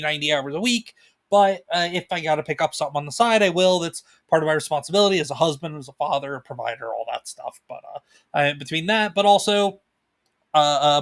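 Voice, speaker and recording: A man co-hosting a casual livestream chat with his wife, talking in a laid-back, rambling way with fillers and laughs. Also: a little high. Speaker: co-host. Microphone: home desk mic, video call.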